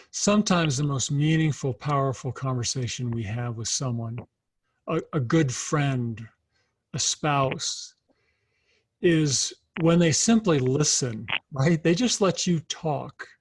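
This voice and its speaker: Slow, thoughtful man, distant mic. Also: fairly high pitch, no room sound. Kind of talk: reflective conversation.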